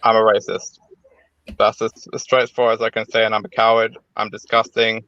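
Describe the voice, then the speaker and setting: Flat subdued man on dull audio. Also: fairly low pitch, a little fast, no room sound. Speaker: guest under confrontation.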